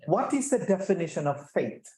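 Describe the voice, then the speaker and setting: A middle-aged man speaking as a guest, animated, often restarting and repeating words and putting rhetorical questions to the audience. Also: high voice, moderate pace. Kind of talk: conversational talk at an online chapter event. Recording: echoey room sound.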